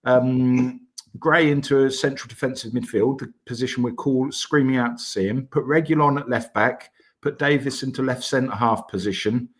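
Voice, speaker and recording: A man's voice: medium pitch, steady tone, moderate pace. A man from Bedfordshire co-hosting a football podcast, blunt, exasperated and crude. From Bedfordshire, England. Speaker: podcast co-host. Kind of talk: casual football podcast chat.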